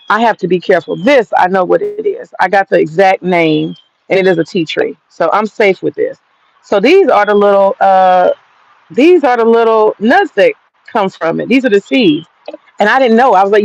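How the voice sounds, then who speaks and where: Excitable woman gardening. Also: mid-range voice, lo-fi sound. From Georgia, US. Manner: excitable, chatty, swears freely. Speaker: gardening vlogger. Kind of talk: casual outdoor vlog. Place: outdoor home garden.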